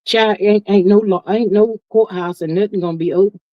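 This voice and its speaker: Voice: mid-range voice, fairly even intonation, brisk, no room sound, highs cut off. A live-stream gossip host chatting casually with viewers, sassy and folksy, calling everyone "honey" and "child".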